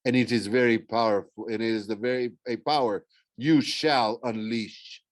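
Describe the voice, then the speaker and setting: A man's voice: medium pitch, steady tone, moderate pace, no echo, natural voice. A man voicing a hungry, boastful male monster with a heavy French accent, reading an audiobook. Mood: gloating. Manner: sneering, boastful.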